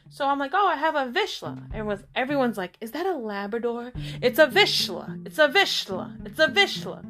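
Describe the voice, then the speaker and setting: A woman hosting her own podcast, telling comic stories in a casual way, acting out her own reactions and repeating words for effect. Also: on the high side. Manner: animated, acts out her own quoted reactions. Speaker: podcast host.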